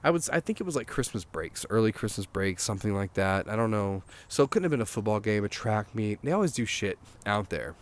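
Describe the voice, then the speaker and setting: A man, a songwriter guest, telling a rambling anecdote in a casual, animated way, swearing and acting out what people said. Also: fairly low pitch, quick pace, few pauses. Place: outdoors.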